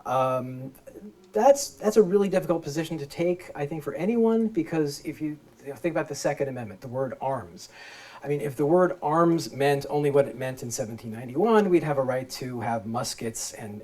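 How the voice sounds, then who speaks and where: A man's voice: medium pitch, darkish tone. A man, a law professor, giving a public lecture through a microphone, explaining things plainly and informally for laypeople. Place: event space with a live audience.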